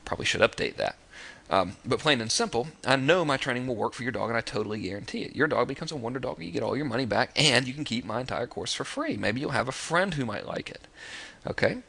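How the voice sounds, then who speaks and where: A man's voice: medium pitch, animated, quick pace, vocal fry, sharp tone, breathy edge. A man in his thirties giving a casual spoken lesson on marketing copy, talking loosely with fillers and restarts and acting out quoted lines. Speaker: marketing course instructor. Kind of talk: casual spoken lesson walking through sales letters.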